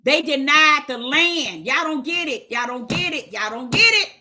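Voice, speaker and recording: A woman's voice: high-pitched, expressive, moderate pace, pushed and bright. Emphatic woman teaching scripture on a livestream. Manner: emphatic, repetitive rhetorical questions to the chat. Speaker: Bible teacher.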